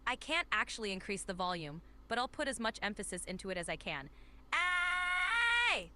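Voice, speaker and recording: A synthetic woman's voice acting as an AI voice assistant, polite, upbeat and accommodating, answering requests with cheerful replies and stretched shouted vowels. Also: medium pitch, animated, quick pace, noisy background.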